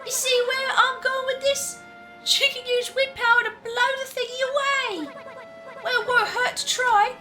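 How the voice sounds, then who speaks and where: A woman voicing an excitable young female adventurer sidekick, reading game dialogue in a chirpy, quick, high-pitched manner. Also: faint music behind, heavily acted.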